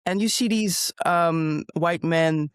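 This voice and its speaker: A man's voice: a little high, slow pace, clean tone, dry recording, clean studio sound. A man from the Netherlands, a guest streamer, telling a story in a rambling way with many hesitations over a video call. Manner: rambling, many ums and uhs. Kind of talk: casual video-call chat.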